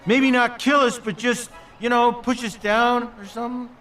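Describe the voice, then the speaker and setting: A simple moose. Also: male voice, extremely high pitch, steady tone, very noisy. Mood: sheepish. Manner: slow-witted, friendly, says "eh" a lot. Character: simple good-natured male moose brother. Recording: distant mic, film score behind. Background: orchestral film music.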